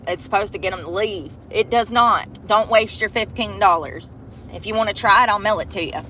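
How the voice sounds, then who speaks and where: A woman chatting casually on a livestream from inside her truck, telling animated stories and swearing freely. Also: medium pitch, brisk, a little hiss or hum.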